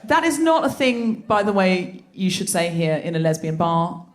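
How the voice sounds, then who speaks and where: A woman's voice: fairly low pitch, normal speed. A woman hosting a live comedy podcast on a theatre stage, telling stories with lots of laughter. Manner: animated, laughing storytelling. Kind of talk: live stand-up style banter.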